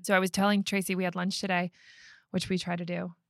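A woman hosting a podcast in a casual chat, talkative and quick to laugh, often restarting her sentences. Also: lowish voice, flat delivery, no echo, studio quality. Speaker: podcast host.

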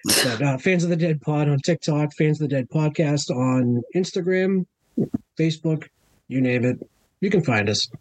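A man's voice, fairly high for a man, recorded close and dry with almost no room sound. He talks in a loose, easygoing manner, a bit self-deprecating, and stumbles over a word now and then. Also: moderate pace, no echo. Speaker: podcast guest. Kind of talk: casual chat.

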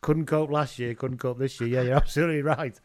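A man co-hosting a podcast, chatting casually and laughing often, swearing and doing quick mimicry. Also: medium pitch, fairly even intonation, darkish tone. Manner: giggly, swears, mimics accents. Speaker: podcast co-host. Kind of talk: casual sports chat.

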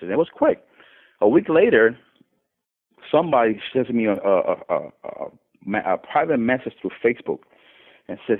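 A man's voice: mid-range voice, moderate pace, slightly rough. A man casually telling a faith testimony, often restarting and lifting his voice when quoting others. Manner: animated retelling with many restarts, voice rising when quoting others. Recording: tinny phone-line sound.

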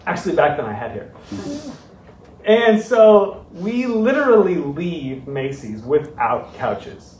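A middle-aged male pastor tells a story from the pulpit with animated, self-deprecating humor. His voice sits high and leaps all over the place. He sounds set back from the mic in a reverberant room. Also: slow pace. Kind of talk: storytelling sermon. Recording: roomy, from a distance.

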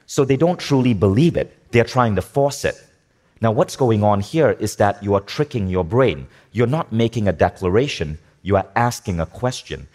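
A man giving a motivational talk to a live audience, energetic, asking the room questions and repeating key phrases. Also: fairly low pitch, normal speed. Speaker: speaker teaching a workshop.

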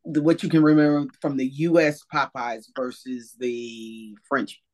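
A woman's voice: very deep voice, little pitch movement, a little slow, darkish tone. A woman co-hosting a casual chat who asks short, curious follow-up questions.

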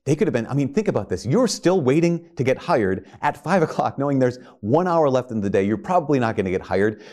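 A man's voice: mid-range voice, very animated, brisk, a little mellow. A man preaching a sermon, earnest, asking his listeners rhetorical questions and often restarting his sentences. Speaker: priest.

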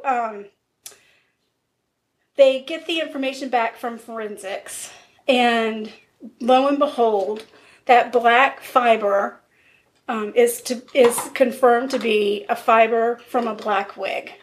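A woman's voice: on the high side, slow pace. A woman hosting a podcast, casually telling a true crime case in a blunt, chatty way. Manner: conversational, blunt, laughs often. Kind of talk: casual storytelling.

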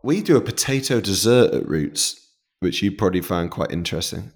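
A man's voice: deep voice, expressive, normal speed. A man hosting a podcast, a chef who chats in an easygoing way and explains dishes step by step. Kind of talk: casual interview chat.

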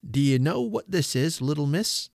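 A man voicing a deaf, good-humoured old man in a storybook reading, with a high-pitched voice and slow, rustic, agreeable speech. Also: lively intonation, gravelly, a little mellow, no echo, clean studio sound. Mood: cheerful.

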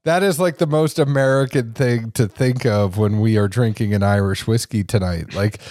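A man's voice: on the low side, normal speed, darkish tone, dry recording. Guy hosting a bourbon podcast, dry close sound, upbeat, rattles off stats. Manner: upbeat, reels off tasting facts. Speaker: podcast co-host. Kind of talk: casual chat and read ads. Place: home recording, video call.

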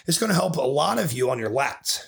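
A man's voice: mid-range voice, very animated, a little fast, gravelly, a bit bright. A man hosting a podcast as a bodybuilding coach, ranting in an aggressive, profane way and swearing constantly.

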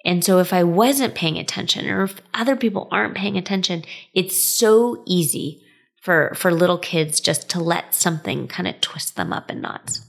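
A woman's voice: lowish voice, lively intonation, normal speed, creaky. A woman in her thirties hosting a podcast, telling personal stories in a chatty way and laughing often. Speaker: podcast host. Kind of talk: casual storytelling monologue.

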